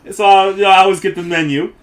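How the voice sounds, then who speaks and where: A man's voice: sits high, fairly even intonation, racing. A man co-hosting a casual podcast, laughing often as he tells a story and mimics the people in it. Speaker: podcast co-host.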